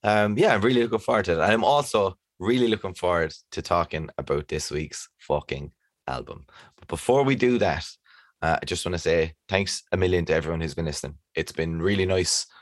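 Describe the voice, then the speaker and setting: A man's voice: sits low, brisk, no room sound, studio quality. A young man co-hosting a podcast in a laid-back, easygoing chat. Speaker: podcast co-host. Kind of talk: casual chat.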